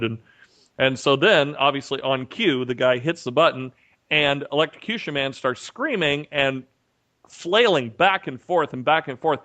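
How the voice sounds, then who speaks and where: A man's voice: mid-range voice, normal speed, highs cut off. A man co-hosting a podcast over a remote call, telling a story in casual chat and acting out the lines of the people in it. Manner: animated storyteller, acts out quotes. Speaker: podcast co-host. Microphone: remote call mic.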